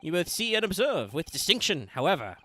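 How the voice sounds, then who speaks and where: A theatrical, grandiose gentleman detective with a put-on British accent, voiced by a man and read from a game. Every phrase is declaimed, bright and ringing, with a pitch that rises and falls widely. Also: very animated, brisk, heavily acted. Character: pompous male Victorian detective, theatrical, grandiose. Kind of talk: reading game dialogue aloud.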